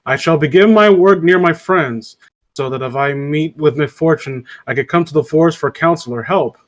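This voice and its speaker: A man's voice: fairly high pitch, normal speed, natural voice, low-quality recording. A man reading the part of an earnest young man setting out to help children, in a plain, sincere way.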